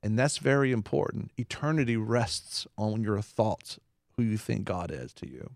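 Earnest and animated, this Christian talk show co-host preaches within relaxed conversation and dramatizes the quotes he brings up. His voice is lowish with vocal fry, his pace moderate, and the studio-quality recording has no room sound.

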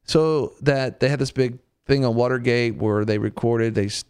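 A man's voice: mid-range voice, moderate pace, clear, resonant tone, dry recording, clean studio sound. A man with a Southern American accent hosting a faith talk show, chatting casually and acting out the quotes in his stories. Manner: animated storyteller, acts out quotes. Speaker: radio show host.

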